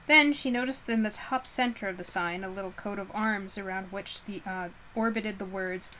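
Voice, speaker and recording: A woman's voice: medium pitch, normal speed, hardly any pauses, bright, forceful tone, slight background noise, rough recording. A woman reading a novel aloud in a casual, homemade narration, often stumbling, correcting herself and chatting between passages. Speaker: audiobook reader.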